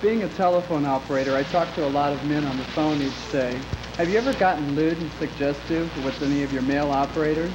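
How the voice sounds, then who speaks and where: A man's voice: on the high side, fast. Young man asking questions in a noisy bar. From California. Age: 20s. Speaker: game show guest contestant. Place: small bar with a live audience. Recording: noisy live bar recording.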